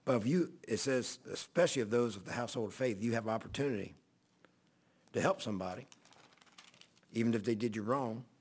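A man's voice: mid-range voice, fairly quick, long pauses, a little mellow, husky. A middle-aged man, a pastor, telling a long folksy story in a rambling sermon. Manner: folksy, rambling anecdotal preaching.

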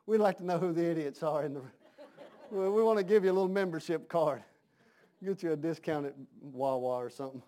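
A man's voice: fairly high pitch, a little fast, dark tone. A man preaching a sermon in a folksy, conversational way, asking his congregation questions.

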